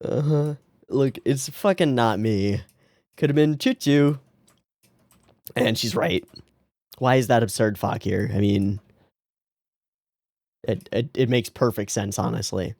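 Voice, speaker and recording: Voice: medium pitch, takes it slowly, gravelly, long pauses, a little mellow, no echo, studio quality. A young adult anime reaction host giving casual, joking commentary, swearing freely and laughing often.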